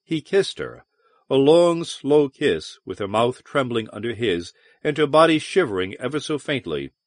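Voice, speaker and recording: A man narrating a science fiction audiobook in an expressive, varied storytelling manner. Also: mid-range voice, normal speed, no room sound, studio quality. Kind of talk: scripted narration.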